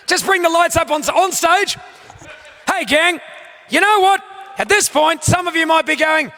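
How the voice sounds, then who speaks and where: Australian comic host, male, high bright voice, loud exasperated sweary stage banter. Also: normal speed, slight background noise. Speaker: comedian and live show host. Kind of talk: live stand-up comedy with audience banter. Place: stage in a venue with a live audience.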